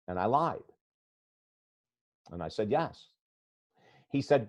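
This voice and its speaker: A man's voice: fairly high pitch, lively intonation, normal speed, long pauses. Emphatic, blunt man telling a story. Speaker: guest author and life coach. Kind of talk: storytelling in a podcast interview.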